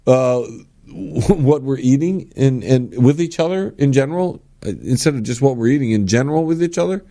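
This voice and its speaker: A man hosting his own talk podcast, giving blunt, sarcastic opinions and mock-shouting the lines he quotes. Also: moderate pace. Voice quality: animated with big pitch swings. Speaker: podcast host. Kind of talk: solo opinion talk show.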